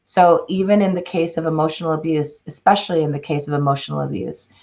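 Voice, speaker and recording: A woman's voice: low voice, fast talker, vocal fry. A woman from Chicago with a Chicago accent, an author talking expressively about her books in an interview. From Chicago, Illinois. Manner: expressive, animated, laughs often. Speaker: author and guest. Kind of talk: interview conversation and reading aloud.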